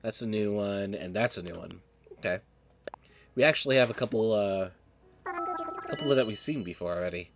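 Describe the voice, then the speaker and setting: A streamer giving casual, rambling gameplay commentary, excitable and swearing freely, over a background hiss. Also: deep voice, normal speed, gravelly, pauses often.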